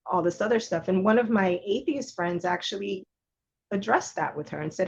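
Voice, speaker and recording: A woman's voice: mid-range voice, moderate pace, gravelly, slightly rough, muffled recording. A woman from Texas, a guest on a talk show, telling a story in casual conversation. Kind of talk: casual chat.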